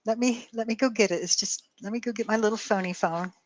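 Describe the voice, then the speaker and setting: On a call show, a woman with a medium-pitched voice tells a long story at a quick pace. It's casual storytelling chat, and she acts out both sides of the dialogue while swearing freely.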